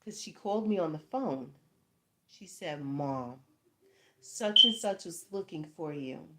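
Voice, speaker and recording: Animated woman telling a story. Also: low voice, measured pace, background noise. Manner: animated, laughing, swearing, lots of "you know what I'm saying". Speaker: tarot channel host. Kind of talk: casual storytelling chat.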